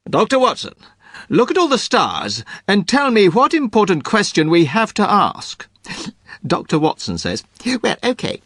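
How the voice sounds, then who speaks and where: A man's voice: sits high, a bit bright, no echo, clean studio sound. A man, the show's producer, telling jokes on a scripted podcast with playful storytelling voices.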